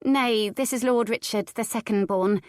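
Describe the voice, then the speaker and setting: A woman's voice: a little high, moderate pace, darkish tone, dry recording, clean studio sound, pitched above the performer's own voice, close to an everyday voice. Woman voicing a flustered young nursemaid. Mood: chatty. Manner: pleading, defensive, broad country speech. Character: flustered young servant nursemaid, rustic and anxious.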